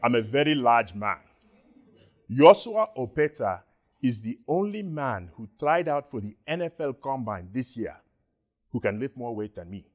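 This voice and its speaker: A middle-aged man from Nigeria giving a conference talk, joking and animated with the audience. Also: medium pitch, a little slow. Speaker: conference speaker.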